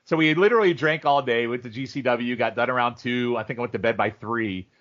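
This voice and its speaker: A man co-hosting a podcast, telling stories in animated, rambling casual chat and jumping into goofy impressions. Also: medium pitch, fast talker. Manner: animated storyteller, mimics people in funny voices. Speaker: podcast co-host. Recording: dull lo-fi audio.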